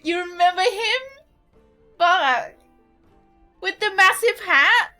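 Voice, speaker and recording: A woman's voice: very high-pitched, expressive, slow pace, pauses often, pushed and bright, soft background music. A British woman streaming a game in casual chat, laughing, swearing and ranting with mock indignation. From Britain. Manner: swears freely, laughs, rants with exaggerated indignation.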